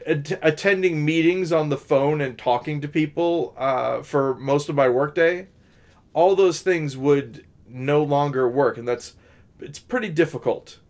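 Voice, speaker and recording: A man co-hosting a casual podcast, his voice set somewhat high on purpose. He talks in loose, rambling sentences full of restarts and small fillers. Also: darkish tone. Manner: talks in many restarts and fillers, deliberately pitched-up voice. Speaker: podcast co-host. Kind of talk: casual chat.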